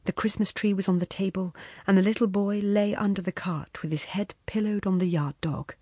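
A woman narrating a literary story in a hushed, intimate way, often close to a whisper, with a husky, breathy voice. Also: mid-range voice, fairly even intonation, a little fast, no echo. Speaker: reader.

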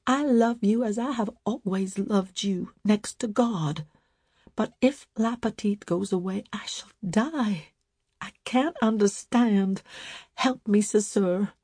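A woman's voice: on the high side, moderate pace, warm tone, husky, dry recording, clean studio sound, voice pushed up. A woman doing a delicate, sobbing older spinster. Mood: pleading. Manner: tearful and pleading.

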